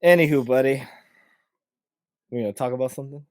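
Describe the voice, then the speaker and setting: A man hosting a podcast in casual chat, playful and animated, acting out little voices. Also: medium pitch, unhurried, dry recording. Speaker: podcast host.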